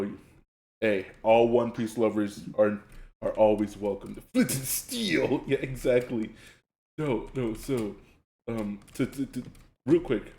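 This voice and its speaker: Loud, excitable man streamer, roomy sound. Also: fairly low pitch, gravelly. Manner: loud and excitable, laughs often. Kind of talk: casual storytelling while gaming on a live stream.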